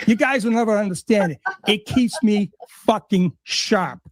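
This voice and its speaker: A man's voice: high voice, normal speed, no room sound, studio quality. A middle-aged man ranting on a livestream in a combative, sarcastic way, swearing constantly. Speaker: livestream guest. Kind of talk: profane ranting monologue.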